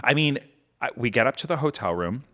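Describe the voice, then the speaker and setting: As a guest on a podcast, a man with a medium-pitched voice spins an animated, casual story at a slightly quick pace. "Like" pops up constantly, and he performs the quotes as he goes.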